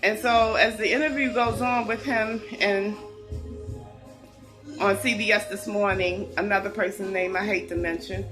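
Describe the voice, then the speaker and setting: A middle-aged woman telling a heartfelt personal story in an earnest, deliberate way. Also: mid-range voice, fairly even intonation, over music, low-quality recording. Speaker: vlogger. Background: a song playing softly.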